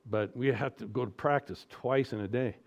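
A middle-aged male pastor delivering a sermon, moving between hushed, almost whispered reassurance and loud, emphatic exhortation. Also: medium pitch, normal speed, vocal fry.

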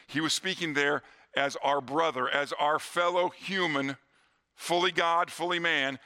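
A middle-aged man preaching a sermon in a church, earnest, slowing down and dropping to a hush on key lines. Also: on the high side, fairly even intonation, smooth. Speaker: pastor.

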